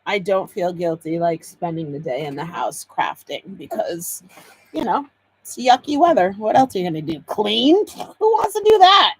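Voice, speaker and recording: A woman's voice: mid-range voice, lively intonation, normal speed, slightly rough. Bubbly woman hosting a craft live stream. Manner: bubbly, laughs often, greets viewers by name. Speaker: host of a live card-making demo.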